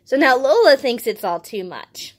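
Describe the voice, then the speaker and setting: A woman reviewing a children's picture book, reading pages aloud with expressive enthusiasm. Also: high-pitched, moderate pace.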